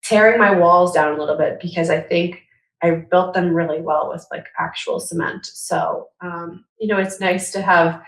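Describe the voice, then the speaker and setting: A woman co-hosts a podcast in casual, heartfelt conversation, speaking in a low register. She rambles warmly and emotionally, leaning on "like" and "you know". Her voice rings in a roomy, echoey space. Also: steady tone, normal speed. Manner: emotional, rambling, many "like" fillers. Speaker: podcast co-host.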